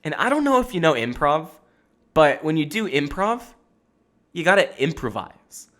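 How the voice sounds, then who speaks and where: A man hosting a casual solo podcast, rambling through stories in an animated way, with frequent swearing and laughter. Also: a little high, normal speed. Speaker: podcast host.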